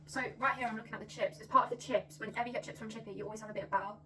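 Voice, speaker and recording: A young woman in casual chat, quick and full of "like". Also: on the high side, fairly even intonation, sharp tone. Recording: mic far off, faint background noise.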